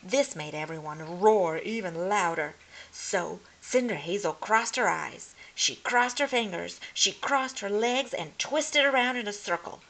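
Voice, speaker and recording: Slow, lively storybook reader, a woman. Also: medium pitch, low-quality recording. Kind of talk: reading a picture book aloud.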